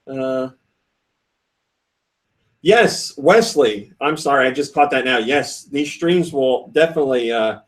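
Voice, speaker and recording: A man with a slightly raised pitch hosts a casual podcast. He talks in a lively, storytelling way and breaks into laughs often. He reads listener comments aloud. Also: recorded from a distance. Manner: animated storytelling with frequent laughs. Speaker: podcast host.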